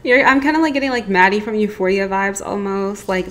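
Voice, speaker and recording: A woman's voice: medium pitch, a little fast, a bit bright. A woman giving a casual, chatty tarot reading, rambling with lots of asides. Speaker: tarot reader.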